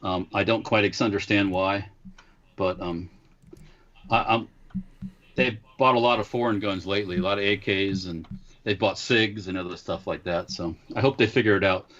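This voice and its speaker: A man's voice: on the low side, steady tone, normal speed, a bit bright. A man co-hosting a casual podcast, hesitant and easygoing with many fillers. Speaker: podcast co-host. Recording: dull lo-fi sound.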